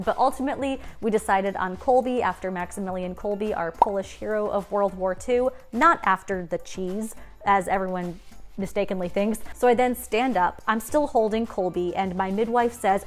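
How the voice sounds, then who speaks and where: A young woman, telling her own story to camera in a chatty, animated way and acting out the quoted lines. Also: medium pitch, normal speed, faint music behind.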